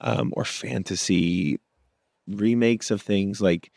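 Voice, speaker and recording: A man with a fairly low voice talks as an actor guest in a relaxed interview. He reflects as he goes, building his answers bit by bit. The sound is dry and close, with no room around it. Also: slow pace, creaky, no room sound. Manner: thoughtful, works through ideas aloud. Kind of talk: casual interview conversation.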